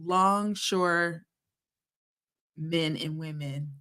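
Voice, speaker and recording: A woman co-hosting a casual faith and news chat, relaxed and talking straight to her listeners. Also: deep voice, extremely slow. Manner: relaxed, talks straight to listeners, often says y'all. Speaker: co-host of a weekly faith and news show.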